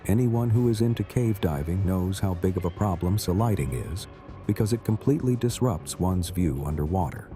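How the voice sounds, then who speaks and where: A man giving a scripted voice-over narration in an even, explanatory way. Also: sits low, moderate pace, soft background music.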